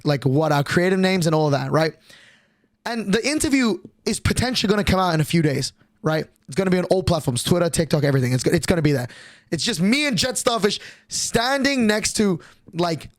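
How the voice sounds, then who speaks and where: A man's voice: a little high, expressive, a little fast, dry recording. A young man streaming, telling a rambling, profane story and acting out quotes in a casual way.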